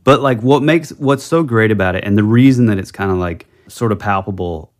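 Male podcast co-host, fairly low voice, relaxed rambling chat. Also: a little fast. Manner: rambling, full of fillers and restarts. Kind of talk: casual chat.

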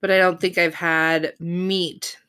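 A woman's voice: on the low side, flat delivery, slow, fairly bright tone, clean tone. A woman co-hosting a podcast, chatting casually about a reality show with many fillers and easy laughter. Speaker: podcast co-host.

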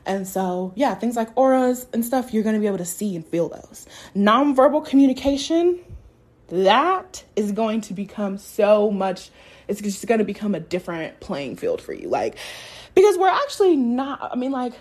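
A woman's voice: mid-range voice, very animated, moderate pace, darkish tone. A young woman hosting a casual spiritual podcast, talking candidly, swearing freely and laughing often. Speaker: podcast host.

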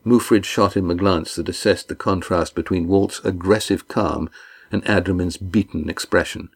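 A man narrating a novel chapter aloud in a measured, steady way. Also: deep voice, breathy edge. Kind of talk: audiobook narration.

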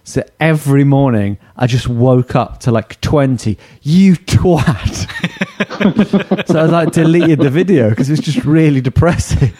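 A man's voice: medium pitch, normal speed, few pauses, warm tone. A man hosting a casual football podcast chat, jokey, laughing often and trailing off mid-sentence. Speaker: podcast host.

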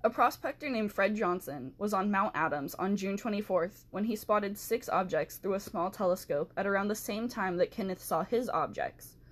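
A woman hosting a podcast tells a history story in a relaxed, conversational way. She slips in chatty asides and corrects herself as she goes. Her voice sits at an ordinary middle pitch for a woman. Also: normal speed, few pauses. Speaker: podcast host. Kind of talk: casual podcast narration of history. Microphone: handheld mic she has to hold still.

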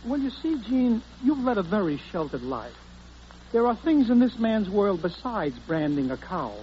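Excitable high-voiced man in old radio comedy. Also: slight background noise. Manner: excitable, quick, flustered. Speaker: guest comedian. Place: radio theater stage. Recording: dull old radio broadcast with music.

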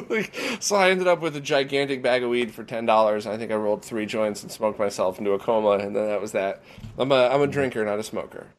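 A young man telling stories as a podcast guest in casual chat, animated and full of swearing. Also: on the low side, quick pace. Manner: animated, profane storyteller.

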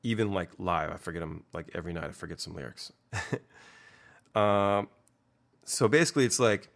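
A man's voice: sits low, normal speed, vocal fry, long pauses. A young man from a band talking casually and candidly about the meaning of his song lyrics, swearing often and rambling with fillers.

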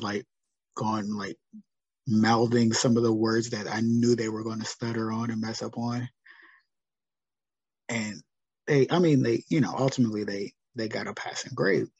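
A man, a teacher and podcast guest, telling stories in a casual, animated way and acting out his students' lines. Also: on the low side, breathy edge, no room sound. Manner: animated, acts out students' lines, many fillers. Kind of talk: casual storytelling conversation. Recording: muffled dry podcast audio.

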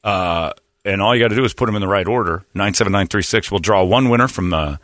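A man hosting a morning radio show, telling stories and reacting loudly with lots of laughter. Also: fairly low pitch, quick pace, dry recording, clean studio sound. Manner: loud exclamations, laughing, animated storytelling. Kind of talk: casual radio banter and storytelling. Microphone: studio mic.

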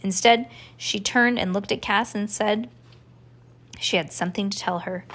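A woman's voice: medium pitch, steady tone, moderate pace, fairly bright tone, a little hiss or hum. Woman reading a storybook aloud. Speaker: reader to a child.

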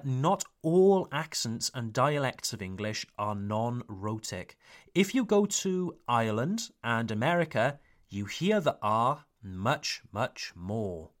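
A man from Wales hosts an English lesson, stretching out each example word with deliberate, careful pronunciation. His pitch swings widely as he teaches, and he never rushes. He slips into French now and then to explain a point. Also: fairly bright tone. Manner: slow, careful, exaggerated pronunciation of example words. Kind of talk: podcast lesson for learners.

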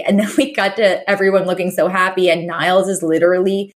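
A woman's voice: lowish voice, a little fast. A woman co-hosting a podcast, chatting casually and animatedly about a TV episode, often acting out lines. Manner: animated, laughing, acts out quotes. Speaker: podcast co-host. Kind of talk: casual chat recapping a TV episode.

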